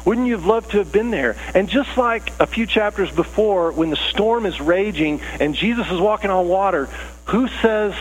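A man's voice: high voice, animated, moderate pace, low-quality recording. A man preaching a conversational sermon, earnest and casual with rising emphasis. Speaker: pastor.

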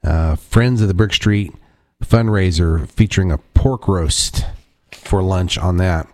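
A man's voice: sits low, slow pace, a little mellow, no room sound, clean studio sound. A man hosting a local call-in radio show, chatty and rambling, correcting himself as he goes. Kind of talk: casual radio talk. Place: radio studio.

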